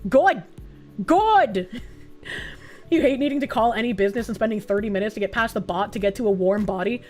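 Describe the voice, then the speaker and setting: A woman's voice: mid-range voice, fairly even intonation, fast, a little mellow, faint music behind. A young woman streamer chatting casually with her viewers in a blunt, sarcastic way, with a lot of swearing. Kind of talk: casual chat reacting to chat messages.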